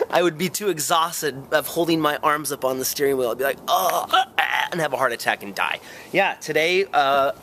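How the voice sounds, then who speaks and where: A man chatting casually to camera in a vlog, rambling and excitable, sore after a long run, poking fun at himself between plenty of fillers. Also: a little high, normal speed, a little hiss or hum. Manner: rambling, excitable, self-mocking, lots of fillers. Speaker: vlogger.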